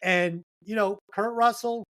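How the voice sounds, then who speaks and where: Woman co-host, casual movie-review banter, heavy swearing, emphatic and animated delivery. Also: medium pitch, measured pace. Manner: profane, animated, emphatic storytelling. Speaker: podcast co-host.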